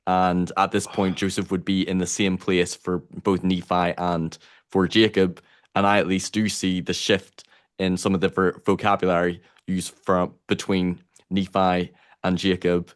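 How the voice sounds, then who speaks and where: Low, flat-voiced male host, asks rambling, hesitant questions. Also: a little slow, clear, resonant tone. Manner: hesitant, question-asking, many fillers. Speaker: podcast host. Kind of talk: casual interview.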